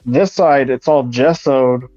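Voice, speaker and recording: A man chatting casually and calmly while he paints, explaining as he works. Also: mid-range voice, slow pace, no room sound. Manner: relaxed, explains while working. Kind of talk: casual chat. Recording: dull lo-fi sound.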